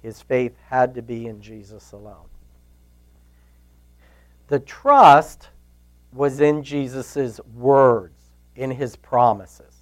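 A man's voice: medium pitch, takes it slowly, pauses often, low-quality recording. A man giving a conversational sermon as a Bible teacher, telling stories in a folksy way and often checking in with his listeners. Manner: storytelling, folksy, asks "right?" often.

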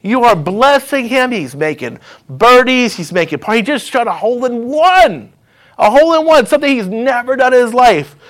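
A man's voice: very high voice, very animated, normal speed, a bit bright, pitched above the performer's own voice, exaggerated voice. A man voicing an indignant Holy Spirit. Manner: protesting, incredulous questions. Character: indignant male Holy Spirit questioning God.

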